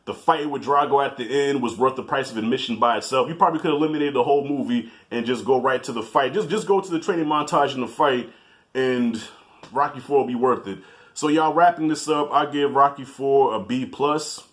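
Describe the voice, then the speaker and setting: A man's voice: mid-range voice, a little fast, a bit bright. A man hosting a casual movie review video, talking in a loose, profane, chatty way. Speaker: movie reviewer, channel host.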